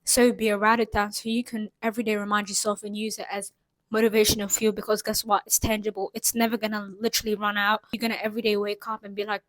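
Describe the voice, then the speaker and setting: A woman's voice: mid-range voice, flat delivery, quick pace, fairly bright tone, no room sound, low-quality recording. Young woman, casual motivational monologue, earnest and rambling, dry close sound. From Saudi Arabia. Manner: earnest, rambling, lots of "like" and "you know what I'm trying to say". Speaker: vlogger.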